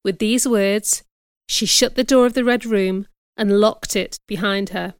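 Give me a woman narrating a classic story in a dry studio, slow and crisp. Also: medium pitch, fairly even intonation, no echo. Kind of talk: scripted audiobook narration.

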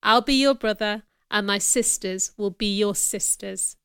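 A woman's voice: mid-range voice, measured pace, fairly bright tone, smooth, dry recording, studio quality. A woman reading an earnest young clergyman. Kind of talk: audiobook character reading.

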